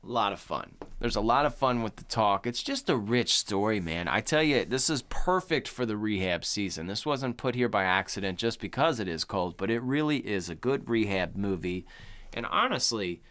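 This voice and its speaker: A man's voice: fairly low pitch, expressive, moderate pace, fairly bright tone. A man rambling through a casual podcast chat, his voice swinging widely up and down as he talks. He swears freely and leans on fillers like "like" and "you know". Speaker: podcast co-host.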